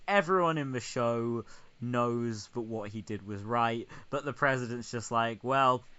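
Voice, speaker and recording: A man's voice: medium pitch, unhurried, a bit bright, smooth. Sweary sarcastic man, slightly muffled. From Britain. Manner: sarcastic, sweary, mocking impressions. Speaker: podcast co-host. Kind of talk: casual comedic chat. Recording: slightly dull lo-fi sound.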